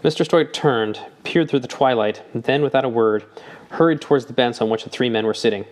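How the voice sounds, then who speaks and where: A man narrating a novel in a measured, even audiobook reading. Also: medium pitch. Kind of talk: scripted narration.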